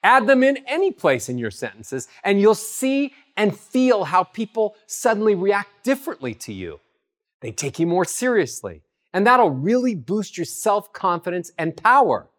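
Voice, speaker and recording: A man giving a voice lesson, teaching in an animated way and swooping high and low in pitch to demonstrate. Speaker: voice coach. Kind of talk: spoken voice lesson.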